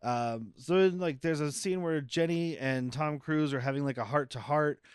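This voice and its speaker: A man's voice: a little high, moderate pace, smooth, no echo, clean studio sound. A man co-hosting a podcast, casually recapping a movie in a rambling, jokey way with lots of filler words. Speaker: podcast co-host.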